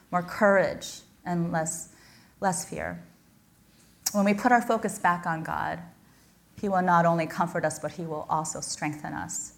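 A woman giving a personal, earnest sermon, reading scripture and telling her own story with touches of self-deprecating humor. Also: lowish voice. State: blind.

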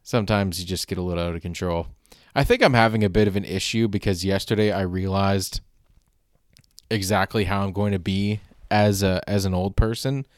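A young man delivering a rambling comedic monologue, halting often with fillers and restarts. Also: low-pitched, steady tone, dry recording, studio quality. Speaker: stand-up comedian.

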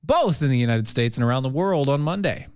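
A man's voice: medium pitch, lively intonation, brisk, darkish tone, clean tone. A married man co-hosting a casual comedic chat show, teasing his co-host and reading news aloud. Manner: teasing, playful, reads news items aloud. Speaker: podcast co-host.

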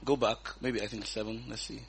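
A man and pastor teaching the Bible in a relaxed conversation, reading verses aloud and chuckling often. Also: on the low side, brisk, gravelly, a little hiss or hum.

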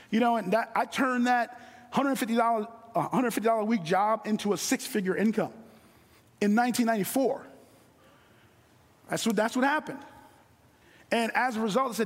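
A middle-aged man preaching a sermon from a stage, earnest and repeating phrases for emphasis, slowing down on key lines. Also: very high-pitched. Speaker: guest preacher. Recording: long hall reverb.

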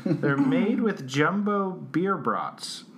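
A man's voice: fairly high pitch, expressive, slight background noise. A man co-hosting a casual podcast who reads a menu aloud with jokes and frequent laughter. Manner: jokey, laughs often, drawn-out reading. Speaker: podcast co-host.

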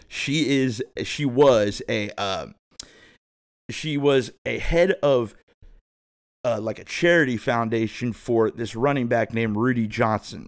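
A man in his thirties, a podcast host, telling a rambling, profane story in a laid-back way. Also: mid-range voice. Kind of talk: casual storytelling monologue.

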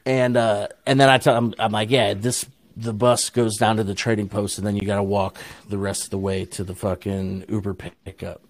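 A man's voice: on the low side, level tone, normal speed, hardly any pauses, no echo. A middle-aged man with an Ohio accent, telling a long story on a podcast in a laid-back, profane way and laughing often. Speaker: podcast co-host. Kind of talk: casual chat, storytelling.

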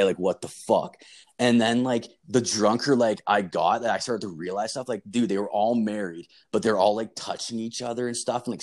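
A young man telling a long story in casual chat, rambling and swearing, full of "like" and "dude". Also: on the low side. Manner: rambling, profane, lots of "like" and "dude".

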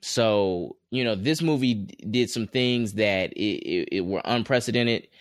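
A man's voice: on the low side, unhurried, no room sound, clean studio sound. A man co-hosting a casual chat show, talking in a loose, rambling way with many fillers and restarts. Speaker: podcast co-host.

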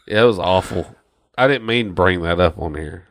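A man's voice: sits low, moderate pace, fairly bright tone. A man on a casual podcast, ranting about a movie with heavy swearing and mocking quotes. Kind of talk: casual chat.

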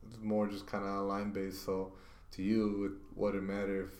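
A man's voice: fairly low pitch, monotone, moderate pace, darkish tone. A man co-hosting a podcast, chatting in a laid-back, agreeable and joking way. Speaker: podcast co-host. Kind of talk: casual podcast chat. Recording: echoey room.

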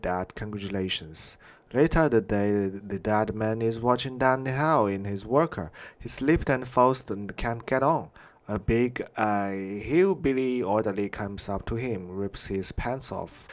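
Casual male vlogger, lowish voice, reads jokes, giggles and trips over words. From Canada. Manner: laughs often, stumbles over words. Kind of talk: casual reading of online jokes.

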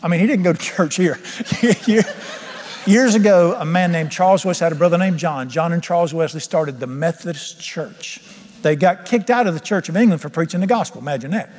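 A man's voice: a little high, a little fast, darkish tone. A man preaching a fervent, folksy sermon with humor. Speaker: pastor. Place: church sanctuary. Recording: long church reverb, faint music.

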